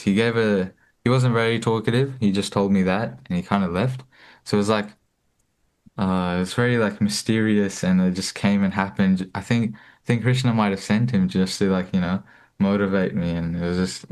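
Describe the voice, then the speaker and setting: A man's voice: deep voice, steady tone, moderate pace, darkish tone, clear, resonant tone. A young man in his late teens telling a personal story casually, with many fillers and restarts. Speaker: guest, book distributor.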